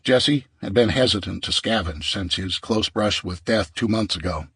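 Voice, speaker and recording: A man reading a survival audiobook in a steady, measured narration. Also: fairly low pitch, husky, dry recording.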